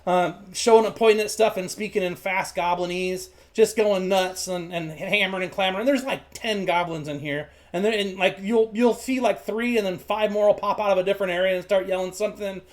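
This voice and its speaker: A man's voice: high-pitched, a little fast, hardly any pauses. A man narrating as game master in a tabletop game, rambling with many fillers and restarts.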